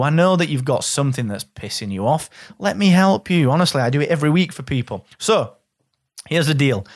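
A blunt, straight-talking man from the north of England hosts his own podcast, pushing and coaxing the listener with lively energy. His voice sits a little high for a man, and he drops in the odd swear word without a second thought. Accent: Northern English. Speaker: podcast host. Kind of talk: solo podcast monologue.

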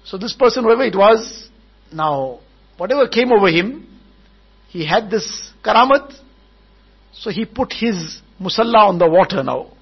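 A man with a high, gravelly voice delivers a storytelling sermon at a wedding gathering. He is husky and slightly breathy, and he goes over every point again and again. The recording is dull and lo-fi. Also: animated, normal speed, long pauses. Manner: repetitive, retells each point several times.

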